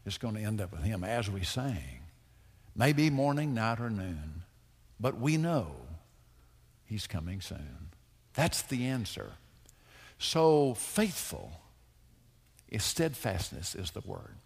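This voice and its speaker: A man preaching in a church sanctuary, his voice leaping between ringing calls and near-murmurs. The tone is husky and the melody very lively. A long reverb trails each phrase through the big hall. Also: lowish voice, slow pace, long pauses. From United States. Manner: impassioned, swinging between loud pleas and hushed lines. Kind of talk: sermon.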